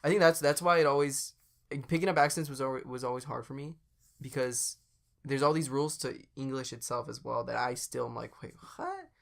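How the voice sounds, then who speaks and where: A man co-hosting a podcast in casual chat, hesitant and halting, laughing often. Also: medium pitch, fairly even intonation, creaky, fairly bright tone. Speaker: podcast co-host.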